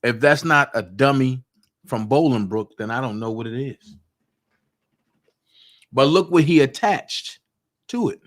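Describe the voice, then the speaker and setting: Talking directly and confrontationally to his livestream viewers, this online commentator hammers his points through repetition. His voice is medium-pitched and a bit bright, unhurried, with long pauses.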